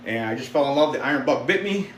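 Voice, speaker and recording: A man's voice: mid-range voice, lively intonation, quick pace, roomy sound, slight background noise. A man in his fifties casually chatting with viewers while lifting weights in a home gym, upbeat and talkative. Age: 50s. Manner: chatty, upbeat, talks to viewers between sets. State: out of breath after sets. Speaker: fitness streamer. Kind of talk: casual live-stream chat while lifting.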